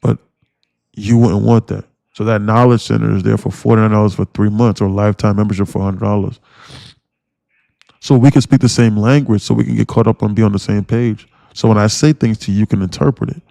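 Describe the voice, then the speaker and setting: A man's voice: fairly low pitch, fairly even intonation, a little fast, gravelly, dark tone, no room sound, clean studio sound. A man livestreaming his day trading, ranting bluntly with lots of swearing and mocking his viewers. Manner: blunt, swearing, mocks viewers in put-on voices. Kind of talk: profane ranting livestream talk.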